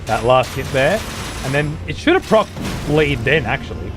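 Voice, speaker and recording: A man's voice: medium pitch, sing-song, normal speed, music in the background. A man streaming a video game, commenting on play and ranting at his chat with heavy profanity. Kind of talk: live gameplay commentary.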